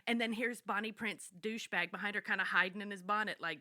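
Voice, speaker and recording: A woman's voice: medium pitch, steady tone, fast talker, sharp tone. A woman co-hosting a podcast, recapping a TV episode in a candid, playful way. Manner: candid, playful, swears casually. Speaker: podcast co-host. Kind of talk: casual chat recapping a TV episode.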